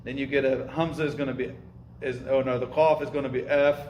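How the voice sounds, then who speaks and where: A man's voice: medium pitch, fairly even intonation, quick pace, darkish tone, slight background noise. Casual, emphatic male teacher in an echoey room. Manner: casual, emphatic, repeats words, Arabic terms mixed in. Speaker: Arabic and Islamic studies teacher. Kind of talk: informal lesson with live questions.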